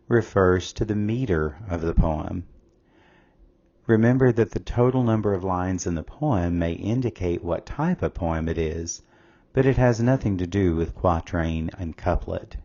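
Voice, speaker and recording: A man reading a scripted test-prep lesson as a tutor, reading questions and answer options aloud in a measured way. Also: low voice, expressive, mellow, dull audio.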